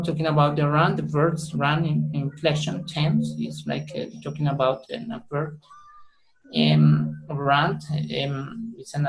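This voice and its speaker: Halting man with a gravelly voice. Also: fairly high pitch, rough recording. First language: Spanish. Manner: halting, many fillers and self-corrections. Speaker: student presenting in class. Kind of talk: hesitant classroom presentation. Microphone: video call.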